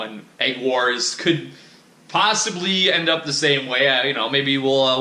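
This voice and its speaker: A man's voice: medium pitch, pushed and bright, reverberant. A man vlogging in a casual, rambling monologue, profane and self-critical, with many restarts.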